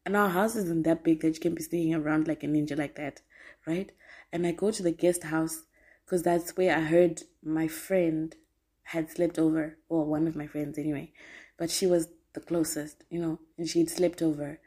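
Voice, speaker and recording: Twenties woman rambling thru a story, kinda husky and low, laughs a lot, super slangy. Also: normal speed. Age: 20s. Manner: animated, laughs often, slangy asides. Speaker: podcast host. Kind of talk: casual storytelling monologue.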